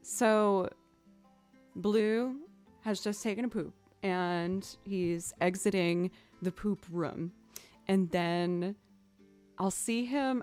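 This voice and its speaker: A woman's voice: medium pitch, slow pace, long pauses, faint music behind. A young woman musician chatting casually on a livestream, rambling through stories and thanking viewers as she goes. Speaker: musician streamer.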